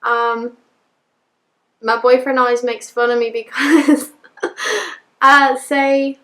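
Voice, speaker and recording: A woman's voice: high-pitched, fairly even intonation, takes it slowly, long pauses, fairly bright tone. A woman, giggly and self-mocking in a casual interview answer.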